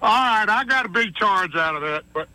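A man's voice: high-pitched, lively intonation, normal speed, bright, forceful tone, low-quality recording. A man calling in to a radio show, friendly and rambling as he tells a story. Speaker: caller. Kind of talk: casual call-in chat.

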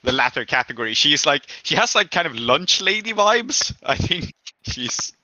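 Bright, edgy-voiced man running a game. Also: a little high, big pitch swings, moderate pace, no echo, lo-fi sound. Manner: casual, laughing, many fillers. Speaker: game master. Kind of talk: narrating a tabletop game.

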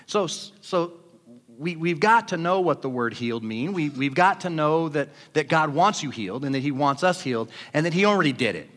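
A man preaches a fervent sermon, his high voice climbing as he presses his listeners. His tone is bright and forceful, and it carries a long reverb from a big church hall. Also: lively intonation, moderate pace. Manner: fervent preaching that builds to shouting. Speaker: pastor.

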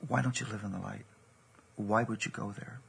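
A man's voice: fairly low pitch, steady tone, normal speed. A man preaching a sermon, telling a personal story in an earnest, storytelling way. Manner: gravelly, husky, earnest storytelling.

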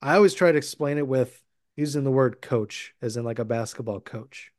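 Mid-pitched man from Minnesota, explanatory. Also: fairly quick, darkish tone, no echo, studio quality. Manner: explains things step by step. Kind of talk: casual movie-discussion chat.

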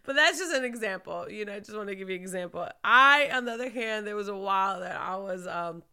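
A woman pastor giving a casual faith talk to her viewers, emphatic and swinging from quiet to shouting. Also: medium pitch, lively intonation, fast, clean tone. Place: lives in Florida.

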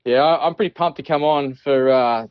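A man's voice: fairly high pitch, normal speed, highs cut off, slight background noise. A man with an Australian accent calling in as a podcast guest, joking, swearing and laughing often. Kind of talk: casual call-in chat.

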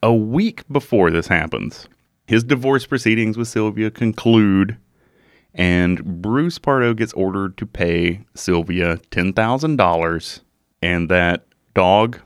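Speaking slowly in a lowish voice, this podcast co-host spins a true-crime tale with lots of energy, the occasional curse, and laughter at his own expense. The studio sound is clean with no echo.

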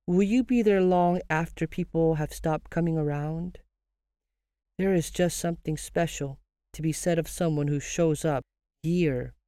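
A podcast host talks through grief advice in a calm, measured counselling tone and slows down on key phrases. The voice is warm and mellow, and it is recorded close and dry with no room sound. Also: mid-range voice, clear, resonant tone, no room sound. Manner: asks listeners rhetorical questions. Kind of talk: scripted podcast monologue giving grief advice.

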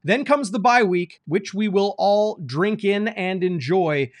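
A man's voice: sits high, takes it slowly, no echo. A man who hosts a sports show and asks long, winding interview questions. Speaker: sports reporter, host.

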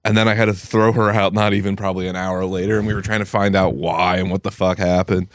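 Joking lower-voiced young man. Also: level tone, fast talker, no room sound, studio quality. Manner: joking, laughing, crude asides. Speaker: podcast guest. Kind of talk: casual podcast chat.

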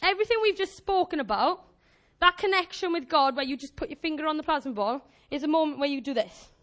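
A woman preaches to her congregation in a lively, jokey way, acting out her points with props and volunteers. Her voice sits very high, bright and animated throughout. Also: fast. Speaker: church speaker. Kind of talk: informal sermon with live demonstration.

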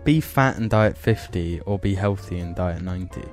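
A man co-hosting a casual podcast chat, blunt and sweary, quick to butt in. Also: low voice, soft background music. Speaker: podcast co-host.

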